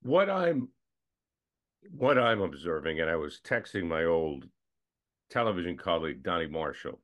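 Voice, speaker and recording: A man with a Boston accent hosting a sports podcast, chatty and quick to ask questions. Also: deep voice, big pitch swings, a bit bright. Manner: chatty, asks questions, laughs while talking. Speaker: podcast host. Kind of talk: casual sports talk.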